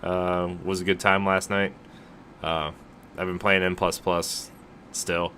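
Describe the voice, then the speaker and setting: A man's voice: low voice, little pitch movement, slow, bright, forceful tone, a little hiss or hum. Rambling man chatting on a podcast. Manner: rambling, filler-heavy, joking. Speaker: podcast co-host. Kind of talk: casual podcast chat.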